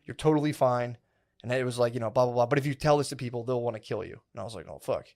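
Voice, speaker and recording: A podcast co-host with a gravelly, mid-range voice tells a story at rapid-fire speed. The retelling is animated and rambling, loaded with fillers and profanity.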